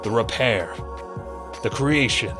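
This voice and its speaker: A man's voice: medium pitch, lively intonation, over music. A man doing a pompous wheelwright monologue. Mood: solemn. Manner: slow, solemn and overdramatic. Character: grandiose male wheelwright delivering an overdramatic monologue.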